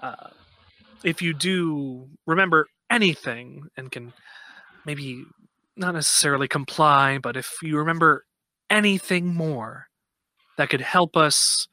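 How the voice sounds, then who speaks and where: A man playing a thoughtful human starship commander, halting and searching for words. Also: a little high, pushed and bright, dry recording. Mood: earnest.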